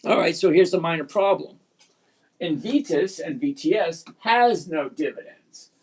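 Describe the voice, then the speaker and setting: High-voiced retired man in his sixties. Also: expressive, breathy edge. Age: 60s. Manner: blunt, emphatic, repeats key points slowly. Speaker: livestream host. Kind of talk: live stock-trading chat.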